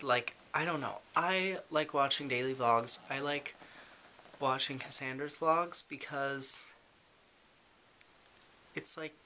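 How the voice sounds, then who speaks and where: A man's voice: a little high, sharp tone, slight background noise. A man chatting casually to the camera in a daily vlog, rambling with lots of fillers and self-deprecating asides. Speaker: vlogger.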